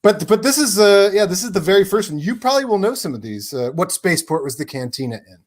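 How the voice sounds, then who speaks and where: A man on a livestream as a guest, chatting casually in a rambling, animated way, full of fillers and laughs. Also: high voice, fast. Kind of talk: casual chat. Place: home, on a livestream.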